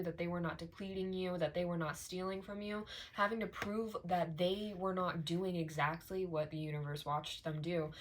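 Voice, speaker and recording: A woman doing a casual tarot reading straight to her viewers. She talks in an emphatic, repetitive way, scattering fillers and profanity, with a pitch that sits in the ordinary middle. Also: a little hiss or hum. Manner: conversational with many fillers like "like" and "right". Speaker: tarot reader.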